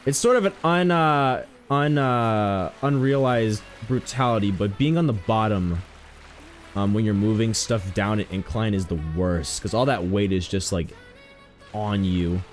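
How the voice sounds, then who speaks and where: A man's voice: lowish voice, unhurried, faint music behind. A young man chatting casually while streaming a game, joking, rambling and telling stories to his chat. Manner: joking, rambling, animated storytelling.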